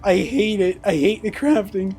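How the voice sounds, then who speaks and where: A male streamer with a fairly high voice chats casually while he plays. He laughs often and drops the odd swear word, and faint music runs in the background. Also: normal speed, a little mellow. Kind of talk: casual chat while gaming.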